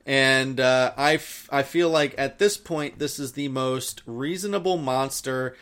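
A man's voice: mid-range voice, a little slow, fairly bright tone, clean tone. A man in casual chat, retelling a story with lots of swearing and acted-out quotes. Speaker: podcast co-host recapping a story.

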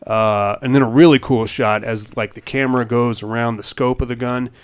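Smooth-voiced guy casually recapping a movie. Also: medium pitch, fairly even intonation, moderate pace. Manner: rambling, laid-back, swears casually.

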